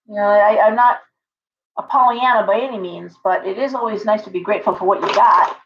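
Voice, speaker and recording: A woman's voice: mid-range voice, steady tone, fairly quick. A woman talks casually and at length to her livestream viewers from home, wandering from topic to topic. Her audio is a little dull and muffled. Faint noise sits behind her voice. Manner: chatty and rambling, talking to her pet bird and viewers' comments. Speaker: livestream host and tarot reader.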